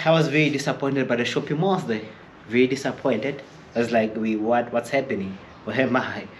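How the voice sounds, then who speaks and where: A man's voice: mid-range voice, slight background noise. A young South African man with a South African accent, vlogging in a rambling, hesitant storytelling style with many repeated words. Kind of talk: casual storytelling to camera.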